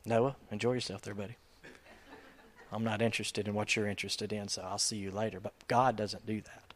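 A man preaching a sermon in a conversational, emphatic way, swinging from soft asides to loud urgency. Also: fairly low pitch, little pitch movement, brisk, a little hiss or hum. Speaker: pastor.

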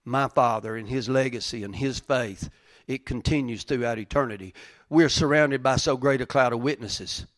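A middle-aged male pastor preaching a sermon, dropping to quiet, hushed lines and then rising to loud, fervent preaching. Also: mid-range voice, moderate pace, no echo, studio quality.

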